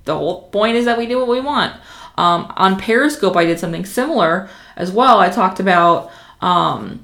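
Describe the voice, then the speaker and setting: A woman giving casual social media marketing tips, talking fast and with passion, with plenty of fillers. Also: medium pitch, animated, creaky, a bit bright, reverberant. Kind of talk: casual instructional talk to camera.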